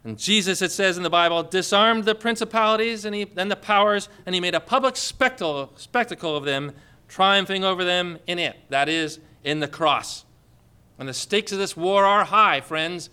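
Bright-voiced emphatic male preacher. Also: sits high, normal speed, clear, resonant tone. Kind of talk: sermon.

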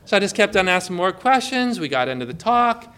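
A man's voice: high voice, big pitch swings, brisk, bright, forceful tone, clean tone. A man giving an informal Christian teaching talk outdoors on a boat, conversational and full of rhetorical questions and stories.

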